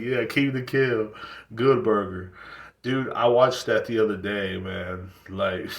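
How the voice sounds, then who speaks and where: With a lowish voice, a slow pace, and long pauses, a thirty-something talk show host rants in a loose, casual way. His speech is slangy and profane, with rambling restarts, recorded roomily from a distant mic.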